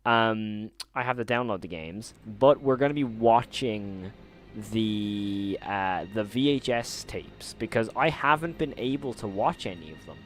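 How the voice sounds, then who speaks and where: A man's voice: on the low side, measured pace, soft background music. A man streaming live, chatting casually to his viewers with slangy, rambling talk and frequent laughter.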